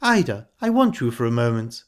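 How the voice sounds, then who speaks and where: A man's voice: medium pitch, very animated, moderate pace, close to an everyday voice. A man voicing a shallow, easily offended widowed stepmother who talks in a prim, indignant way. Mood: huffy, prim.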